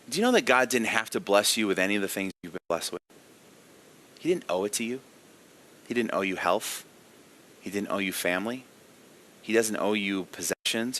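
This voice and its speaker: A man's voice: lowish voice, pushed and bright, slight background noise. A man giving a daily devotional sermon as a pastor, earnest and emphatic, putting direct questions to his listeners.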